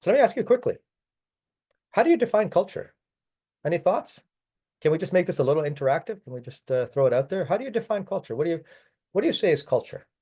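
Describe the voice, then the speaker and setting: A man's voice: on the high side, sing-song, quick pace, pauses often, mellow, breathy edge. A man giving a conversational palliative care presentation over a video call, often addressing his audience as folks. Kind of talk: online webinar talk.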